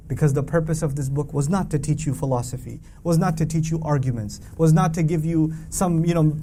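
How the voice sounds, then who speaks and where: A man teaching a live audience about a Quran verse, emphatic and full of rhetorical questions, reciting Arabic verses quickly. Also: a little high, darkish tone, slight background noise.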